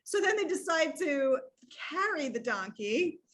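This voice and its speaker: High-voiced woman telling animated stories. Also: a little slow. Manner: animated storyteller, laughs often. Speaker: podcast guest. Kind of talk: casual chat between friends.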